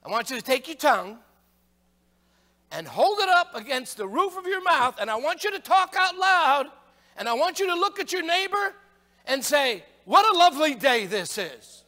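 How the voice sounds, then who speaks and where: A male pastor preaching a sermon, emphatic, building to shouts on rhetorical questions. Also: very high-pitched, big pitch swings, moderate pace. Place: church sanctuary. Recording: long church hall reverb.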